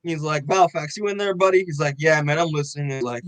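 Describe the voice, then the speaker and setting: A young man co-hosting a podcast, excitedly recapping a comic in loose casual chat, full of "like" and swearing, acting out the characters' lines. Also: fairly high pitch, a little fast, slight background noise, poor audio. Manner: excited, loose, heavy on "like" and swearing, acts out quotes. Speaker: podcast co-host.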